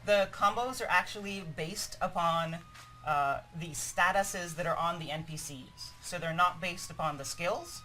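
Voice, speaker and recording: Hoarse woman presenting a game stream. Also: fairly low pitch, a little slow, pushed and bright, soft background music, low-quality recording. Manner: upbeat, explanatory. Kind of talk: live game stream demo.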